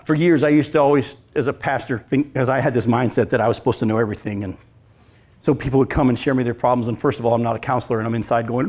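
A man's voice: mid-range voice, rapid-fire. A man preaching a sermon as pastor, acting out scripture lines and asking the congregation questions. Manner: animated, acts out scripture lines, talks with congregation.

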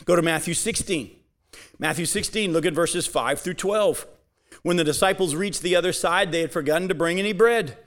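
A man preaching a Bible-teaching sermon, speaking directly to his congregation and reading scripture aloud with slow emphasis. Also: high voice, fairly bright tone. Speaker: pastor.

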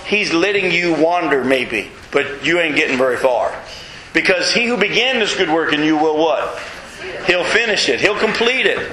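A man preaching a sermon as pastor, animated and asking the congregation questions as he goes. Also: sits high, roomy sound, slight background noise, low-quality recording. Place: church.

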